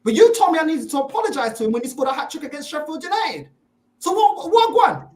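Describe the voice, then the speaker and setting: A woman on a fan discussion panel delivers a heated rant, exasperated and mocking, repeatedly saying "bro." Her voice sits high with big pitch swings, a quick pace, and a darkish tone, recorded in an echoey room.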